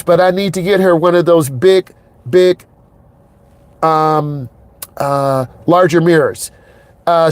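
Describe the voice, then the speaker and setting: A middle-aged driving instructor's voice sits high as he narrates a lesson inside a car on city streets, with no room sound. Talking directly to viewers, he stays emphatic and repeats himself.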